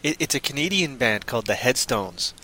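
Male podcast host, excitable rambling talker, bright and lively. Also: medium pitch, a little fast. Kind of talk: casual chat.

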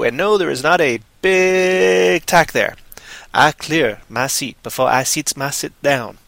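A tired man rambling on a casual podcast, goofy, with sudden loud silly outbursts. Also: fairly high pitch, unhurried, gravelly, no echo. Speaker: podcast co-host.

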